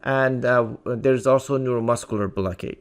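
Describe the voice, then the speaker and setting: A man's voice: medium pitch, fairly even intonation, normal speed, smooth. A man giving a recorded pharmacy lecture in a conversational way, full of fillers like "uh" and "you know" and restarted words.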